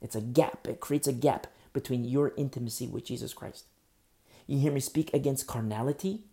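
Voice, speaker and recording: A man preaching a sermon as pastor, emphatic and repetitive, swinging between loud bursts and hushed asides. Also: medium pitch, normal speed. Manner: repetitive, with frequent fillers.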